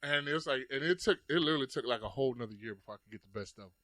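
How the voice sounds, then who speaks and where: A man's voice: medium pitch, very fast, no room sound. A man hosting a casual chat, telling a sparring story with heavy swearing and acted-out lines. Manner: animated storytelling, acts out his own past lines, swears often. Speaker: host.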